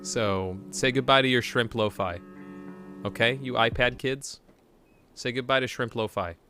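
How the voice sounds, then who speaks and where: A young adult male streamer with a bright, crisp voice, talking in a goofy, rambling way to his chat. He swings from mumbled asides to sudden loud shouts. Soft music plays faintly behind him. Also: mid-range voice, a little slow. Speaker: game streamer. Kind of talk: casual live-stream chat.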